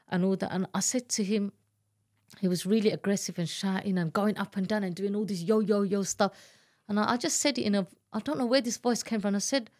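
A woman giving a candid, earnest account of her own past as an interview guest, halting and searching for words as she retells it. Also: mid-range voice, darkish tone. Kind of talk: emotional personal testimony in an interview.

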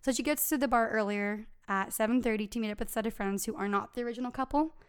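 A woman's voice: a little high, fast talker, smooth. A young woman co-hosting a podcast, telling a true crime story in a casual, chatty way with lots of fillers.

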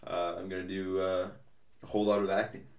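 A man's voice: low voice, little pitch movement, brisk, roomy sound, far from the mic, lo-fi sound. A young man as a podcast guest, chatting casually in a rambling, hesitant way with many fillers and restarts. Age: young adult. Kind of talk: casual interview chat.

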